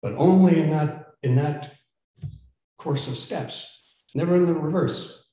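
Male pastor, earnest sermon, emphatic, warm dark voice, heavy room echo. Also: on the high side, a little slow. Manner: earnest, emphatic preaching with stammered repeats. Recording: very echoey church room.

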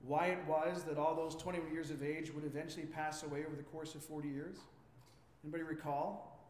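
A male pastor in mid-sermon, quizzing the congregation and acting out the lines he quotes. His voice sits high. The sound carries a long reverb from a large church hall. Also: a little fast. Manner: animated, asks the congregation questions; acts out quotes with rising voice. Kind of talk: interactive sermon.

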